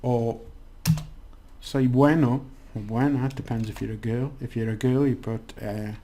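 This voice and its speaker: Man, casual lesson, mellow voice, rambling with restarts. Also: mid-range voice, steady tone, moderate pace, slight background noise. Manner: chatty, rambling, many restarts and fillers. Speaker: language teacher.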